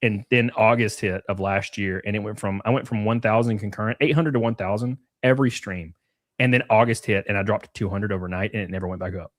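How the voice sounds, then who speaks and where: A man's voice: lowish voice, fairly even intonation, fast, no echo, studio quality. A man in his thirties hosting a livestream in casual chat, reading out viewer messages. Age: 30s. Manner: casual, swears, reads super chats aloud. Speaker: livestream host.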